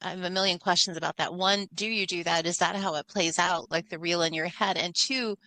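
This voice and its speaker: A woman's voice: lowish voice, steady tone, brisk, bright, forceful tone, no echo, poor audio. A woman co-hosting a podcast who asks eager, rambling questions, stacking them one after another. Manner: eager, piles up several questions at once. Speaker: podcast co-host. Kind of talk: casual interview chat.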